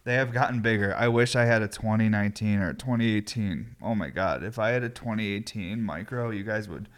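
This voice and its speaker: A man's voice: lowish voice, fairly quick. A stoned man hosting a podcast from his garage, rambling in a laid-back way and swearing freely. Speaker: podcast host. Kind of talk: casual rambling chat. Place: home garage.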